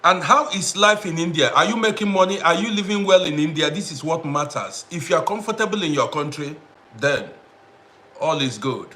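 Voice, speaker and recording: A man's voice: on the high side, animated, moderate pace, bright, forceful tone. A man hosting a casual live stream, greeting viewers by name and repeating himself as he talks to the audience. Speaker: livestream host.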